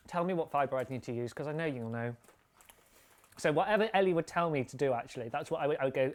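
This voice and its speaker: A man's voice: medium pitch, quick pace. A man hosting a live podcast stream, chatting casually in a rambling, playful way and laughing often. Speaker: podcast host.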